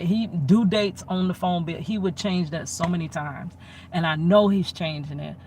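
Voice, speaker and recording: A man telling a personal story in an animated way, acting out both sides of arguments and repeating himself for emphasis. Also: high-pitched, normal speed. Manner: emphatic and repetitive. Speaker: storytelling vlogger. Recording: distant mic with faint background noise.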